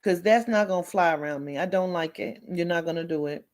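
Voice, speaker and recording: A woman hosting a live stream, talking straight to her viewers in a blunt, forceful way. She swears freely, hammers home her warnings over and over, and calls out commenters by name as she goes. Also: lowish voice, brisk. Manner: blunt, emphatic and profane; lectures sternly with repeated warnings. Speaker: livestream host.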